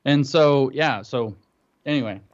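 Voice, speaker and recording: A man telling an animated story in casual chat, acting out what others said. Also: medium pitch, measured pace. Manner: animated storytelling, acts out quotes. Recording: dull lo-fi audio.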